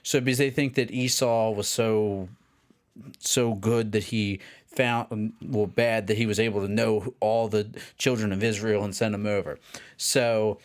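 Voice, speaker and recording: A man, co-hosting a podcast and telling a long, rambling anecdote in casual chat, acting out the shouting of people in his story. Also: on the low side, steady tone, unhurried. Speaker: podcast co-host.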